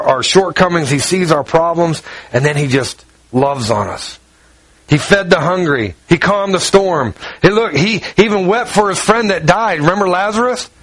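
A man's voice: a little high, a bit bright, no echo, rough recording. A man preaching a sermon in a conversational way, often repeating words as he tells stories.

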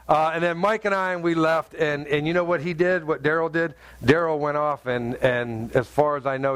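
Higher-voiced preacher telling a story. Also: male voice, a bit bright, no echo. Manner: conversational, halting with many fillers; rising to fervent exhortation. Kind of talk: sermon with personal storytelling.

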